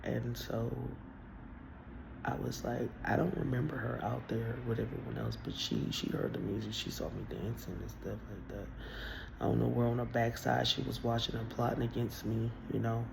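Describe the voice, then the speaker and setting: A woman's voice: very deep voice, creaky, background noise. A woman telling a story in a casual, blunt and profane rant that rambles along. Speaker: vlogger.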